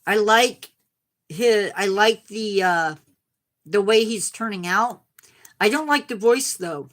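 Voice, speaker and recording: A woman's voice: medium pitch, takes it slowly. A woman streamer with a slightly sore voice, chatting casually and self-deprecatingly with viewers. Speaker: game streamer.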